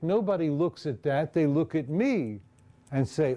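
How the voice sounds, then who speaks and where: A male professor lectures in a loose, conversational way, talking his audience through slides and pausing often to check they follow. His voice sits a little high for a man, with a mellow tone. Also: expressive.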